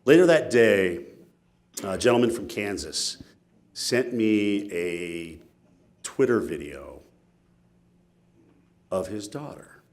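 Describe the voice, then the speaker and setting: Animated male speaker telling anecdotes. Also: lowish voice, slow pace, pauses often. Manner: animated, self-mocking anecdotes. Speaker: TV meteorologist giving a talk. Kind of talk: storytelling keynote talk.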